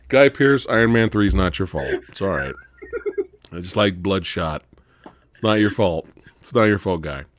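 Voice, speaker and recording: A man's voice: low voice, expressive, normal speed, pauses often. A man hosting a movie review show, chatting casually and retelling scenes with laughter and swearing. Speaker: movie review podcast host. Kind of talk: casual spoiler review chat.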